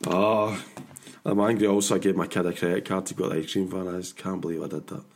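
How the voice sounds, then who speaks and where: A Scottish man in his forties hosting a podcast, chatting in a rambling, animated way and laughing often. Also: sits low, fast, a little hiss or hum. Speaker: podcast host. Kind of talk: casual chat.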